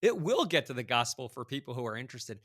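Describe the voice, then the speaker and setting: A guest author on a podcast tells stories casually, animatedly acting out bits of dialogue and using frequent fillers. His voice is medium-pitched and quick, captured in a dry, clean studio recording.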